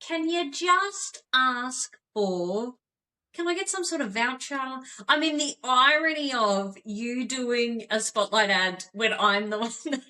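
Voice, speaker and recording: An Australian woman co-hosting a podcast over a video call, telling stories with lively, laughing energy. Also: a little high, slow pace. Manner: animated storytelling with laughs. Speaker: podcast co-host.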